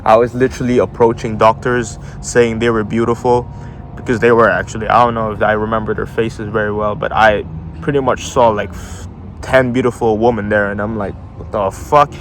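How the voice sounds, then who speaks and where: A man's voice: fairly low pitch, level tone, a little fast, a little hiss or hum. Laid-back young guy telling a wild story. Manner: profane, slangy, laughs often while telling. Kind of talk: casual storytelling monologue.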